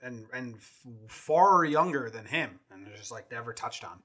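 A young man co-hosting a casual movie chat, arguing his points and trailing off quietly at the ends of thoughts. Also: medium pitch, expressive, normal speed. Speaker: podcast co-host. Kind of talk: casual film discussion.

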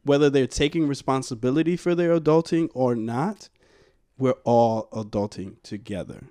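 Man, reflective and rambling casual talker, mid pitch, dry close sound. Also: moderate pace, dark tone, no room sound. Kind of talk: casual chat.

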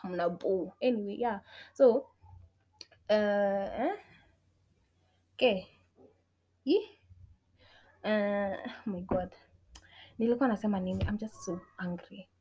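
An outspoken young woman venting her views straight to camera. Her speech lurches from sharp, loud bursts down to near-whispered muttering, peppered with curses and Swahili phrases. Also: slightly rough. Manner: outspoken, swears a lot, switches between English and Swahili; swings from loud outbursts to low muttered asides. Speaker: vlogger. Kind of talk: casual opinion rant.

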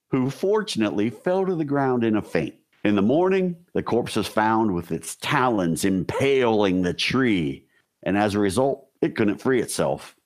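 A man co-hosting a casual podcast, telling folklore stories with wry, jokey asides. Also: mid-range voice. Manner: wry, jokey asides while reading lore. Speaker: podcast co-host. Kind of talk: casual storytelling chat.

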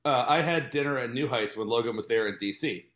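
A man's voice: medium pitch, fairly quick, a bit bright. A man telling a funny story in casual chat, laughing often as he talks. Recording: echoey room.

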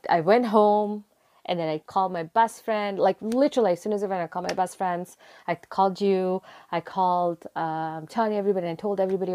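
A young woman telling a personal story in conversation, acting out her own past words with rising excitement. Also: on the low side. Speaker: interview guest.

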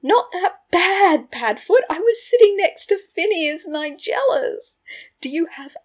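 A woman's voice: on the high side, normal speed, pitched above the performer's own voice. A woman reading a fan fiction audiobook, voicing a mischievous young prankster wizard who rants in exasperation. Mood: exasperated. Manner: animated, exasperated ranting. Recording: dull lo-fi recording.

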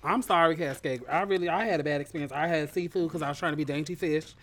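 A man's voice: fairly high pitch, quick pace, a bit bright. A person who identifies as non-binary, sounding like a man, co-hosting a podcast in casual chat, teasing and sassy in banter. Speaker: podcast co-host.

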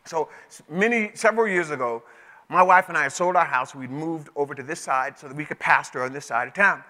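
A male pastor preaching a sermon in a conversational storytelling way that climbs to emotional shouts. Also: fairly high pitch, fairly quick. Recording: echoey hall with long reverb.

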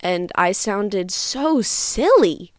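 A woman's voice: medium pitch, expressive, drawn-out words, dry recording, clean studio sound. Frank, chatty young woman host. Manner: chatty, frank, uses many fillers. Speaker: podcast host. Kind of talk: casual advice monologue.

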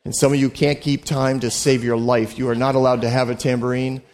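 A man's voice: medium pitch, little pitch movement, brisk, a little mellow. A man preaching a sermon as a pastor, in a conversational, joking way, acting out the voices he quotes.

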